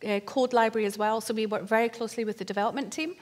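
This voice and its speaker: A woman's voice: on the high side, fairly even intonation, racing. A woman speaking at a design conference, explaining her team's way of working with some fillers and a light pun. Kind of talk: conference talk. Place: conference stage.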